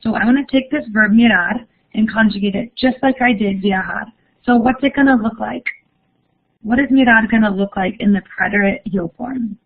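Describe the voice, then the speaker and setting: A woman's voice: a little high, normal speed. A young woman teaching a live online lesson, upbeat and encouraging as she reads answers from the chat. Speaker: Spanish teacher. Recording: phone-like narrow audio.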